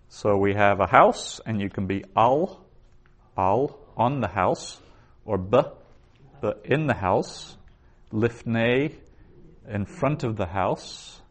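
A man leads a Hebrew class in a slow, deliberate lecture, repeating every vocabulary word twice before explaining it. His voice sits on the low side.

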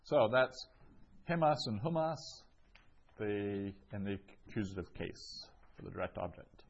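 Low-voiced male teacher, unhurried lesson delivery, muffled lo-fi sound. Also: animated, creaky. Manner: reads each phrase twice, then translates, with frequent ums. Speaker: Greek teacher. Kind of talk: slow explanatory language lesson.

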